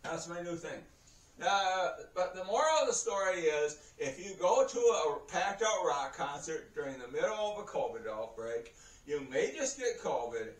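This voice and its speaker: Male vlogger, casual storytelling, swears and laughs through it, slightly high voice, distant camera mic. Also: very animated, normal speed. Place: indoor room. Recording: roomy echo, heard from a distance.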